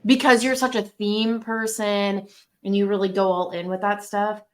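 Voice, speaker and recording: With a medium-pitched voice that barely rises or falls, a young woman co-hosting a podcast talks at normal speed in casual chat with a friend. She laughs readily and keeps saying "like."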